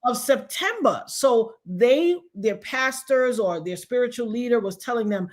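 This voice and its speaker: A woman hosting a casual chat, telling stories in an animated way and acting out the people she quotes. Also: fairly high pitch, a little slow, hardly any pauses. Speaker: show host.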